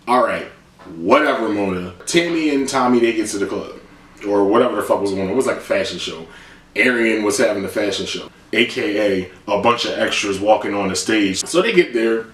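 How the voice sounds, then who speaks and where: Animated and a little fast, a TV recap vlogger with a lowish, slightly bright voice tears through an episode with blunt, sarcastic, profane humor. His manner is loose and he swears freely. The mic is distant, in a roomy room.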